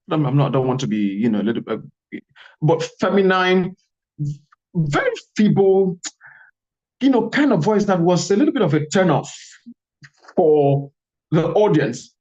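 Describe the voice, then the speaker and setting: Male communication coach, fairly high voice, emphatic and repetitive delivery, dull lo-fi audio. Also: a little mellow. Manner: emphatic, repeats key phrases, varies pace a lot. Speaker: communication instructor. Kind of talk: online class lecture.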